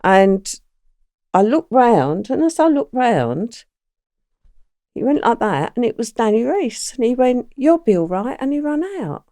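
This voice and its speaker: An older woman, a podcast guest telling her past with lively, acted-out quotes. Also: a little high, a little slow, no echo, clean studio sound. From England. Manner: animated storyteller, acts out quoted lines. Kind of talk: recounting crime memories in a podcast interview.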